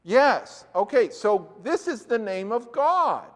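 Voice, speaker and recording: A man's voice: sits high, big pitch swings, slow. A man preaching a sermon as a pastor, talking conversationally and asking the congregation questions. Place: church. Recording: echoey church hall.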